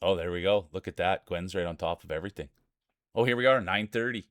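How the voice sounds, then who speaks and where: A man's voice: low voice, quick pace, a bit bright, dry recording, studio quality. A man with a Canadian accent streaming live, greeting his chat by name and joking through marble race commentary. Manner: chatty, greets viewers by name, jokey.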